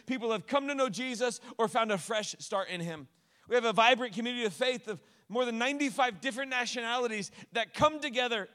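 High bright-voiced pastor telling a story. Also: male voice, big-room sound. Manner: animated, with joking asides. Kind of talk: storytelling sermon.

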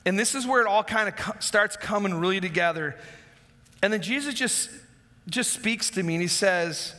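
A man's voice: high voice, normal speed. A man preaching a sermon as a pastor, telling a personal story with lots of restarts and asides. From Wisconsin, USA. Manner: animated, rambling with many restarts. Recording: long hall reverb.

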